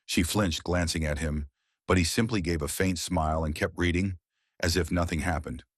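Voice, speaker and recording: Brief: low-voiced male narrator, husky, measured delivery, dry close mic. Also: steady tone, no echo. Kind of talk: scripted audiobook narration.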